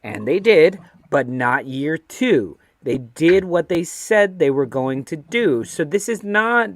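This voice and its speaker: A man's voice: on the high side, expressive, slow pace, dry recording. A man hosting a football fan chat show, upbeat and teasing, stretching words for emphasis. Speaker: host. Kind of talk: casual chat.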